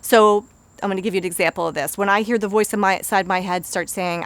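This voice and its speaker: A woman's voice: on the low side, steady tone, fairly quick, vocal fry, a bit bright. A woman, a busy mother in her thirties, giving earnest, conversational self-help advice as a life coach. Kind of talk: motivational self-help talk.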